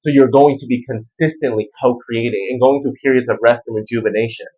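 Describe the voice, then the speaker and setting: A man's voice: mid-range voice, fast, mellow, husky. Chatty guy doing a tarot reading, slangy and rambly, slightly muffled sound. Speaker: tarot reader. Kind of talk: casual spiritual card reading.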